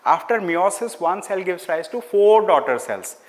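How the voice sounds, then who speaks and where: A man's voice: high voice, big pitch swings. Indian man teaching in an echoing hall. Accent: Indian English. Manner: explains slowly, repeats key words, mixes in Hindi phrases. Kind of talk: online class lecture. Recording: hall-like reverb.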